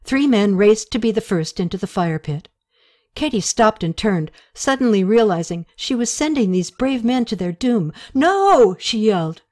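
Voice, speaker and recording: A woman narrates an audiobook chapter at a medium pitch. She tells the story in a steady, expressive way. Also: moderate pace.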